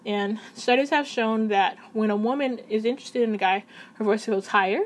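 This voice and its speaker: A woman's voice: a little high, normal speed. A woman talking casually to camera at her computer, chatty and rambling, often correcting herself. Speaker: vlogger.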